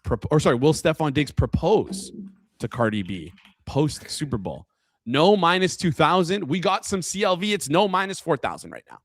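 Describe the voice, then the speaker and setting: A young man from Canada hosts a casual sports betting podcast in a playful, joking way. His voice moves a lot in pitch and jumps up sharply when something excites him. The sound is dry and close, with no room around it. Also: moderate pace, no room sound. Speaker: podcast host.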